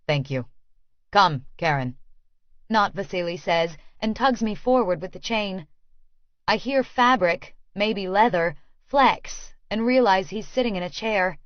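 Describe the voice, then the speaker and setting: A woman narrating an audiobook in the first person, in a slow, hushed, measured voice. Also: medium pitch, no echo, dull audio.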